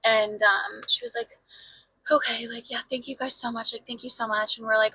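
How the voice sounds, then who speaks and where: Chatty young woman with a bright voice. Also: a little high, expressive, fairly quick, creaky, husky, no room sound, rough recording. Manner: chatty storyteller, heavy use of "like", swears freely. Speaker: podcast co-host. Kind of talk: casual chat.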